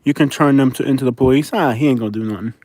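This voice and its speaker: A man's voice: mid-range voice, rapid-fire, a little mellow, dry recording. A man from Florida with a Florida Southern accent, chatting casually as a vlogger reading viewer comments, boastful and joking. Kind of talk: casual chat.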